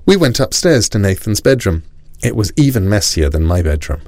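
A man reading a children's storybook aloud, expressive and playful. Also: fairly low pitch, moderate pace, no echo.

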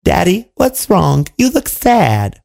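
Brief: man playing a soft, pleading storybook princess girl, raised pitch, creaky underneath. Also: huge pitch swings, slow, full character voice. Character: sweet young princess, girl, caring.

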